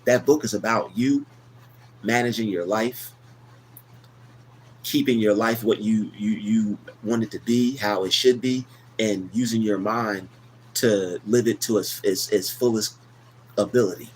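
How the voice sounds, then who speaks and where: A man's voice: lowish voice, a little slow, slight background noise. A man hosting a casual motivational livestream, talking in a loose, repetitive, preachy way about affirmations. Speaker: livestream host.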